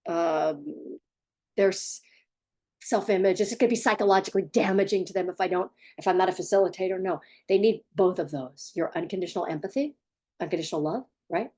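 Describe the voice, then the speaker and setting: A woman's voice: lowish voice, a little fast, a little mellow. A woman parenting coach giving blunt, emphatic advice straight to the viewer, repeating points for stress. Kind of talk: direct advice monologue.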